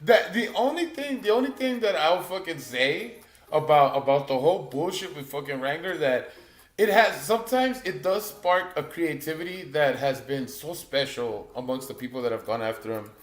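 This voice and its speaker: A man's voice: a little high, animated, moderate pace, roomy sound. A man hosting a livestream, talking casually, laughing and swearing a lot. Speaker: livestream host.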